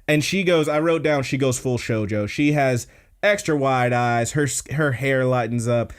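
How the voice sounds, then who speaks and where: A man's voice: mid-range voice, moderate pace, clean tone. A man hosting a podcast, casually recapping an episode, laid-back and swearing freely. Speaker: podcast host.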